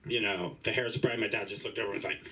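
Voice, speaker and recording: A man's voice: on the low side, level tone, fast, pushed and bright, recorded from a distance, low-quality recording. A man doing open mic stand-up in a small comedy club, chatty and rambling, full of fillers and voiced asides.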